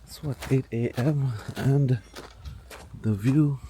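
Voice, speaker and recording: A man's voice: medium pitch, takes it slowly. A man in his forties, a travel vlogger, talking casually to his camera outdoors and laughing at himself often. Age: 40s. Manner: chatty and self-deprecating, laughs often. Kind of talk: casual vlog talk to camera. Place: outdoors on a road trip, by a van and on hikes. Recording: loud outdoor wind and vehicle noise.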